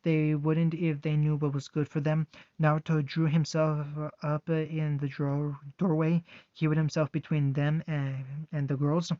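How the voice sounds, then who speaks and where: A man reading fan fiction aloud, halting with fillers and restarts, on a dull, dry recording. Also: a little high, little pitch movement, no room sound.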